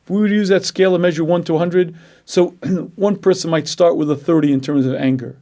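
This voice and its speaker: A man giving a Jewish ethics lecture, clearing his throat often and acting out inner voices as he teaches. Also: a little high, brisk. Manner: animated, acts out inner voices. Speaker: Torah lecturer.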